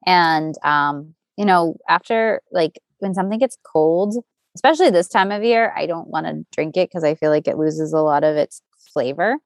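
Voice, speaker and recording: A woman's voice: low voice, animated, normal speed, dry recording, studio quality. A woman co-hosting a podcast in casual chat, talking in a chatty, meandering way with many restarts. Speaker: podcast co-host.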